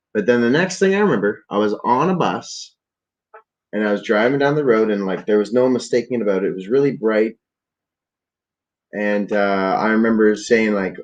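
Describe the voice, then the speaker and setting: A Canadian podcast host with a lowish voice tells a meandering story in a casual, rambling monologue, often trailing off into fillers and restarts. The recording sounds muffled.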